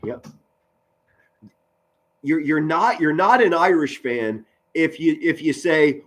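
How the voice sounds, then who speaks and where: A man, doing loud live football play-by-play and chatting with viewers. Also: on the high side, slow. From Pennsylvania, US. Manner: loud, excitable, swings from mutters to shouts. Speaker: sports commentary streamer.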